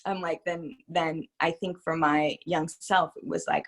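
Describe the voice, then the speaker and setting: A woman speaking as an interview guest and spiritual psychologist, talking candidly in a reflective, hesitant way with many pauses. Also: low-pitched, flat delivery, fairly bright tone.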